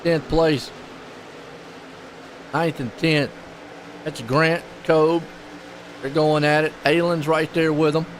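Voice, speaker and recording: A man calling a live sim race play-by-play, excitable and folksy. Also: on the high side, slow pace, long pauses, a little hiss or hum. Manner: excitable, folksy, puzzled asides. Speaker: race commentator.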